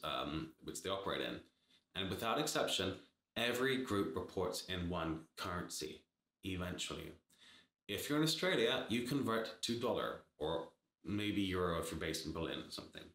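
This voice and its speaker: A man's voice: low voice, fairly bright tone, reverberant. A man giving blunt, sarcastic startup advice in a casual talk to camera, swearing freely. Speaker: startup advisor.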